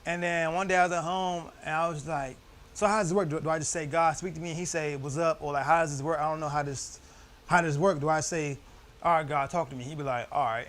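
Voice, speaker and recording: A man's voice: on the high side, a bit bright. A young man leading a church Bible study, telling loose personal stories with slang and frequent laughter.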